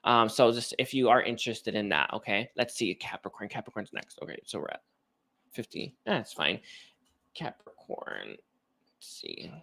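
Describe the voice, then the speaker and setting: A man's voice: on the low side, lively intonation, moderate pace, gravelly, sharp tone. A man giving a casual, rambling spiritual reading, chatting to viewers with lots of fillers and restarts. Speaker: spiritual card reader.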